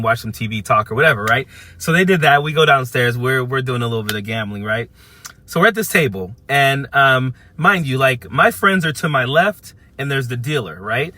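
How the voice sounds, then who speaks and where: A man of fifty telling a casual story to camera from his parked car, animated, acting out what people said, with frequent restarts. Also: medium pitch, no echo. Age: 50s. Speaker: vlogger. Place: parked at a car charging spot by a busy street.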